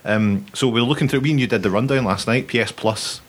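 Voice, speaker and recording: A man's voice: medium pitch, fast talker, fairly bright tone. A young man co-hosting a podcast, rambling and jokey in casual chat. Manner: jokey, rambling, swears freely. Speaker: podcast co-host.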